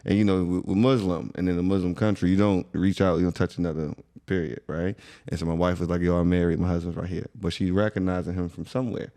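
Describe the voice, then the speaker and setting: A young man from the US with a very deep voice and a gravelly edge, chatting on a podcast. He talks in a laid-back, slangy, conversational way. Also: steady tone, fast talker, warm tone. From USA. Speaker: podcast co-host. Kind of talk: casual storytelling chat.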